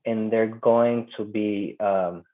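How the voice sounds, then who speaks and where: A man's voice: on the low side, fairly even intonation, slow pace. A man guest, a second-language speaker, rapping a verse and then talking hesitantly with many fillers over a call. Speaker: interview guest. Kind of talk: rapping a spoken-word verse, then casual talk. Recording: tinny phone-like audio.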